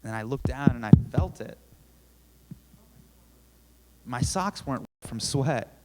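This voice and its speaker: A young man tells a personal story on stage with an average pitch. He is self-deprecating and animated, dropping to quiet asides and then rising into sudden loud bursts. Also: slow pace, a little hiss or hum. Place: theater stage.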